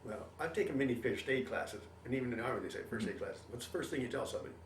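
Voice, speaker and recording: Older male veteran, animated oral-history teller; roomy, distant sound with faint hiss. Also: medium pitch, rapid-fire. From Canada. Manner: animated storytelling, acts out quoted voices. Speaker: veteran interviewee.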